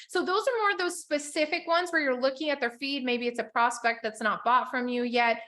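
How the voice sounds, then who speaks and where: A woman business coach teaches a live group in a chatty, upbeat manner, full of "like"s and frequent laughter. Her voice is high-pitched and sharp, and she talks briskly with hardly any pauses.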